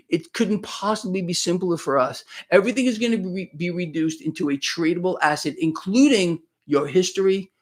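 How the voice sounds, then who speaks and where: Emphatic man hosting a live stream. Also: high voice. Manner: emphatic, repeats phrases, addresses viewers casually with "man". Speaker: market commentator host. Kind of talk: live stream chat with viewers. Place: home in Florida.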